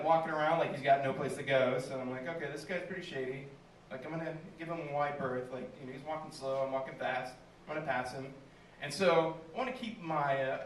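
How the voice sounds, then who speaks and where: In an echoey small venue, picked up by a distant mic with slight background noise, a stand-up comedian tells a story, acting out quoted lines and laughing at his own jokes. His voice is a little high with a fairly bright tone.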